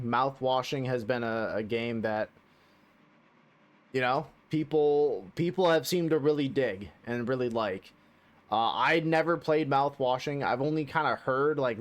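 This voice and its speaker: Man, game streamer, casual commentary, profane, joking, rambling, desk mic. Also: medium pitch.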